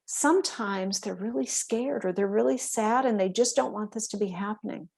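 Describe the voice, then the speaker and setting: A woman giving a calm, explanatory instructional talk to veterinary staff, often checking in with her listeners. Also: medium pitch, normal speed, vocal fry. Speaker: workshop presenter for veterinary staff.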